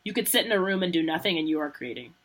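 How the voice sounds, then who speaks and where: A woman co-hosting a podcast, telling a personal story in a chatty, animated way, laughing often and saying "like" a lot. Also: fairly low pitch, racing, crowd noise. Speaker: podcast co-host. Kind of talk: casual storytelling chat.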